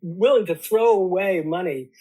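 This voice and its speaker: Husky, high-voiced male podcast host. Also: mellow. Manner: halting, restarts a lot. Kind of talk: casual chat.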